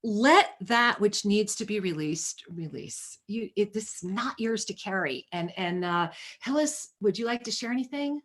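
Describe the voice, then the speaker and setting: A woman's voice: medium pitch, lively intonation, a little slow, hardly any pauses. A woman hosting a spiritual talk show, giving a caller a reading and calling her honey and sweetheart. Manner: warm, affectionate, calls caller honey. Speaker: host and spiritual reader.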